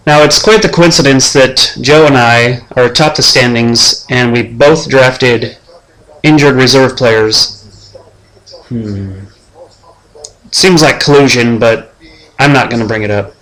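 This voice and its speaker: A young man hosting a mock sports-show preview as his fantasy football league's commissioner, trash-talking the other players in a deadpan way. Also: mid-range voice, takes it slowly, rough recording.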